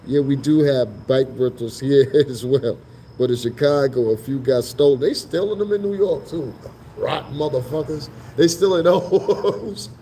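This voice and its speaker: A man with a mellow, warm voice at a middle pitch tells a rambling, profane story straight to camera. He talks casually with asides and shout-outs, and a faint background hiss sits under the audio. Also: a little slow, low-quality recording. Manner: profane, rambling, laughs between remarks. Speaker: vlogger.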